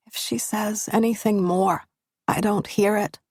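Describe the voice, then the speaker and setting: A woman's voice: mid-range voice, fairly even intonation, unhurried, darkish tone, husky, no room sound. A woman reading a first-person thriller audiobook with intimate, tense storytelling on a studio mic. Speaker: audiobook narrator.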